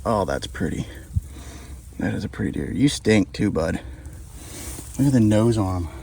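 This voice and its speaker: A man bowhunting in the woods, talking excitedly and rambling to his camera from a tree stand. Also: lowish voice, normal speed, creaky, breathy edge, rough recording. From Pennsylvania. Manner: excited, rambling, repeats himself. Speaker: bowhunter filming his own hunt. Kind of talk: casual hunting vlog to camera.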